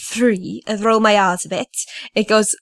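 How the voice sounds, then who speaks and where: A woman's voice: medium pitch, little pitch movement, normal speed, fairly bright tone, dry recording. A young woman from Wales with a lightly toned-down Welsh accent, hosting a casual podcast chat with playful teasing. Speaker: podcast host.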